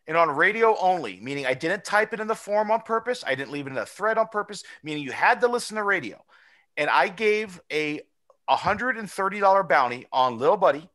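A man hosting a casual podcast chat, talking in an animated, rambling way and swearing often. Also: on the high side. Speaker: podcast host.

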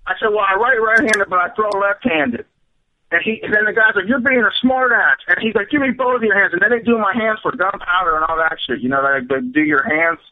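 A man calling into a radio show, telling a story in a rambling, profane way that keeps repeating itself. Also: high-pitched. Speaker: caller. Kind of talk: emotional call-in storytelling. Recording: dull phone-call sound on radio.

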